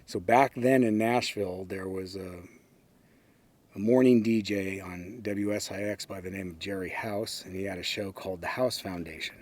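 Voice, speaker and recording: An older man telling anecdotes in a relaxed, wry way, with frequent ums and uhs. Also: deep voice, normal speed. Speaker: interviewee. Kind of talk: casual anecdotal storytelling.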